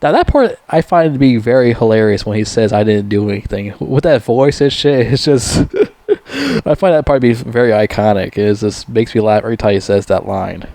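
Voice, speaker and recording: A man casually retelling a film's plot in a profane, rambling way, often laughing and mimicking characters in squeaky voices. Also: brisk, creaky, dark tone, no echo. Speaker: movie reviewer. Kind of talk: casual rambling movie recap.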